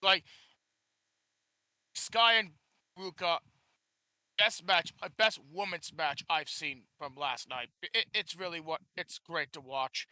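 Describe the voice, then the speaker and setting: A man co-hosting a podcast, chatting casually about wrestling, halting and leaning on "like" and repeated words. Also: on the high side, pushed and bright, no room sound, poor audio. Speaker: podcast co-host. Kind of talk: casual wrestling recap chat.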